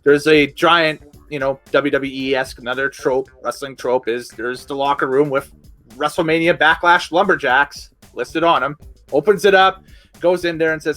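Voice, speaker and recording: A man's voice: fairly high pitch, steady tone, a little slow, a bit bright, faint music behind. Laid-back man recapping wrestling. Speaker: podcast host.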